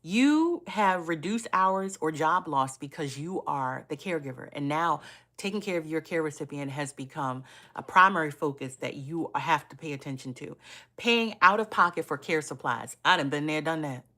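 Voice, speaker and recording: A woman's voice: sits low, animated, normal speed, bright, forceful tone. A middle-aged woman, a caregiver coach, talking earnestly and personally on a live stream, often checking in with "right?".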